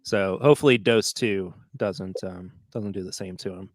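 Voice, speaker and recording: A man's voice: sits low, normal speed, no echo. A man co-hosting a casual podcast livestream, telling stories with easy laughs. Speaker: podcast co-host.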